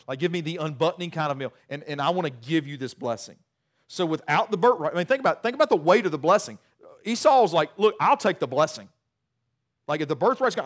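A man delivering a sermon in a loose, joking storytelling manner. His voice sits a little on the high side for a man, and he stumbles and restarts often as he talks. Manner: conversational, humorous storytelling with many restarts. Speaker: preacher. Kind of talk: sermon retelling a Bible story.

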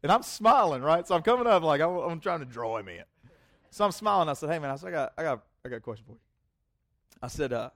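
A man's voice: fairly high pitch, lively intonation, fast, dry recording, clean studio sound. Rambling man preaching with a story. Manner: rambling, self-mocking, repeats words, acts out both sides of a dialogue. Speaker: pastor. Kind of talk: sermon with personal story.

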